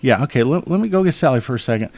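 A man's voice: medium pitch, lively intonation, rapid-fire, gravelly, darkish tone. A man, an eye surgeon guest in a radio studio, telling funny patient stories in a folksy, chuckling way. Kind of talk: relaxed anecdotal storytelling.

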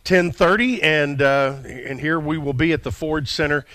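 A man hosting a radio talk show, reading schedules and plugs in a brisk announcer way. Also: on the high side, fairly bright tone, no room sound.

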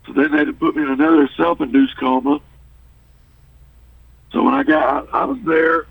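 A man with a drawl talks haltingly and earnestly as a guest in a radio interview. His voice is gravelly and a little husky, heard close and dry with no room sound. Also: on the high side, no room sound, distant mic, phone-quality sound. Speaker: radio show guest, former basketball coach.

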